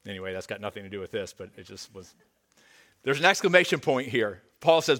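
A pastor preaching to his congregation in a church, his voice at an ordinary middle pitch for a man. He reads scripture with rising emphasis and turns chatty in his asides, often stumbling and restarting. The delivery stays lively and conversational. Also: brisk. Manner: animated, emphatic when reading scripture, with stammered restarts and asides. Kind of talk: sermon. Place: church sanctuary.

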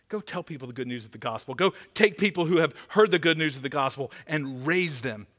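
A man's voice: on the high side, lively intonation, fairly quick, few pauses. Earnest man preaching a sermon. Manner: earnest, pleading, drops to a hushed voice for emphasis. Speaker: pastor.

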